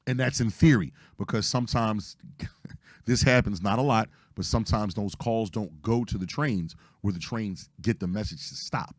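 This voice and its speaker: Hoarse man. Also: on the low side, normal speed, dry recording, clean studio sound. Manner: animated, profane retelling with acted-out quotes. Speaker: podcast host. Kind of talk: casual storytelling.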